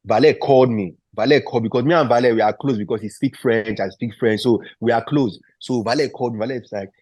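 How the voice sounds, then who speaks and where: A man with a Nigerian accent, a footballer being interviewed, retelling a story with lively quoted voices and frequent restarts. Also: mid-range voice, fast talker, dry recording. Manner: animated retelling, acting out the people he quotes; frequent restarts and repeated words. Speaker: guest footballer.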